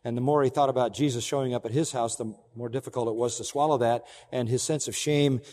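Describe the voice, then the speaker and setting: A man preaching an expository sermon as pastor, emphatic, with big swings in pitch and loudness and rhetorical questions to the congregation. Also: fairly even intonation, quick pace, long reverb tail, a little hiss or hum.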